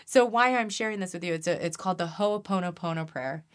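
Appearing as a guest in a conversational podcast interview, a woman with a low voice discusses energy healing at a quick pace. She's earnest and energetic, repeats herself, and drops to a hush when reciting prayers.

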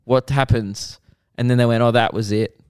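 A man co-hosting a podcast, reading listener messages aloud in a relaxed way with sighs and laughs. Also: medium pitch, moderate pace, clear, resonant tone, no echo. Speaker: podcast co-host.

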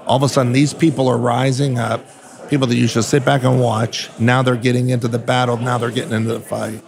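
A man's voice: medium pitch, level tone, fast talker, vocal fry, darkish tone. A pastor, a man, speaking in an interview with fiery, preacherly emphasis. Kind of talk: casual interview talk. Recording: crowd chatter behind.

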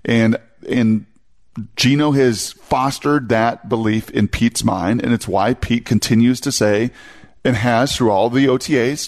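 Animated male sports radio analyst. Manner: animated, rapid, mimics fans in a high voice. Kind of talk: casual sports talk.

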